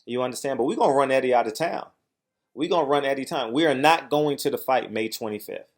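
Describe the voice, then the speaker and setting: A man's voice: mid-range voice, fast. A man hosting a heated boxing commentary vlog, speaking in an agitated, emphatic way and repeating phrases for stress. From United States. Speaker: boxing commentator, channel host.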